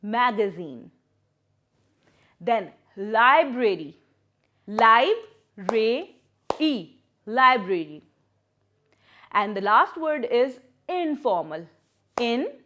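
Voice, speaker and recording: A woman's voice: mid-range voice, big pitch swings, slow pace, pauses often, sharp tone. A woman primary school teacher, giving a recorded lesson and patiently repeating words and breaking them into syllables.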